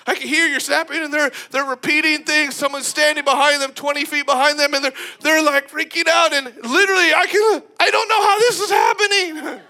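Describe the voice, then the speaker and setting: Man, preacher, sermon, very high pitch, animated, emphatic, laughs often.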